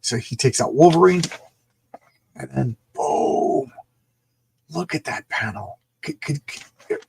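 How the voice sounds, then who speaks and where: A man reviewing comic books in a casual livestream, excited and rambling, often acting out the characters' lines. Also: on the high side, slow pace, creaky, noisy background. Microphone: small camera mic.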